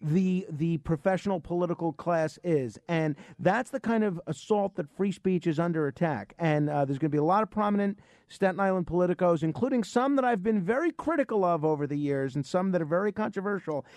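A man's voice: high-pitched, lively intonation, fairly quick, few pauses, a little mellow, no echo. A man speaking as a guest on a radio show, earnestly promoting an event. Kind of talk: casual radio chat.

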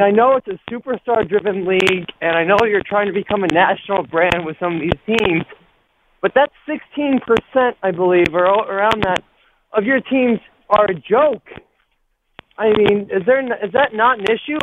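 A man's voice: sits high, brisk. A man calling in to a sports radio show, earnestly making a point about weak teams. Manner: earnest, building his case. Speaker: caller. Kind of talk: call-in radio question. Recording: noisy phone line.

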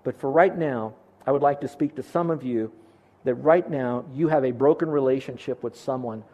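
Speaking at normal speed in a slightly mellow voice, a pastor preaches to his church in an earnest, conversational way. He lifts his voice higher to emphasize key points.

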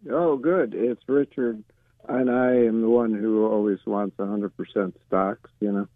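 A man's voice: lowish voice, steady tone, unhurried, dry recording. A man calling in to a radio show, talking in an earnest, meandering way. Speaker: caller. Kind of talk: phone-in call. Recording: tinny phone line.

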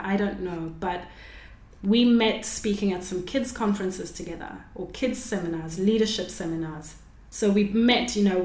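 A woman hosting her own unscripted podcast, talking reflectively in a rambling way and correcting herself as she goes. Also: medium pitch. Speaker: podcast host. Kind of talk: unscripted solo podcast talk. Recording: roomy echo.

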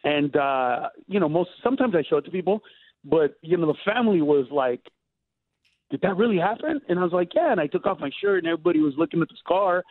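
A man, a stand-up comedian, telling family stories in casual chat, animated and laughing as he acts them out. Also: sits high, quick pace, no echo. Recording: tinny phone-like dry sound.

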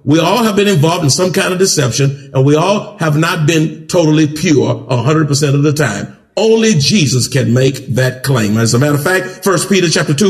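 A man preaching a sermon as pastor in a church, with rising rhythmic emphasis that builds to shouts. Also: fairly high pitch. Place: church sanctuary.

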